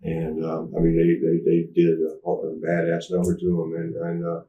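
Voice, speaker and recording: A man's voice: low voice, completely flat delivery, moderate pace, highs cut off, a little hiss or hum. A middle-aged man telling a rambling, stop-start story in a candid interview. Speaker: interview guest. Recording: echoey room, distant mic.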